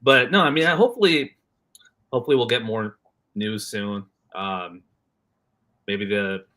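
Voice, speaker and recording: A man co-hosting a casual livestream chat, talking in a relaxed, rambling way with lots of fillers. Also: lowish voice. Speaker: co-host.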